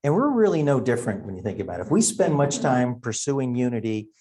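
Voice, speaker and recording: A man's voice: mid-range voice, very animated, quick pace, mellow, husky. A middle-aged man from Wisconsin teaching a Sunday Bible class, talking in a folksy, conversational way and thinking aloud. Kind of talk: Sunday school Bible lesson.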